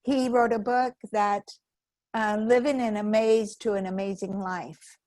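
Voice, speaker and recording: A woman's voice: mid-range voice, steady tone, measured pace, a little mellow, dry recording. A woman giving a sermon at a spiritual center in a conversational way, acting out the voices of people she quotes. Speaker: guest speaker at a spiritual center.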